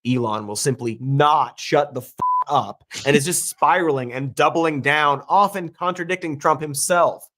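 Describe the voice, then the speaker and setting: A man's voice: on the high side, normal speed, fairly bright tone. A man reading scripted political commentary in a sarcastic, mocking tone, played as a clip. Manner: sarcastic, dry mockery.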